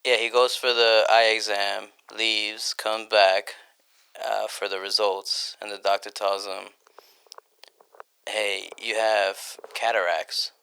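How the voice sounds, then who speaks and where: A man co-hosting a podcast in casual chat, asking quick questions and laughing easily. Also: fairly low pitch, level tone, vocal fry, sharp tone, smooth, low-quality recording. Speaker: podcast co-host.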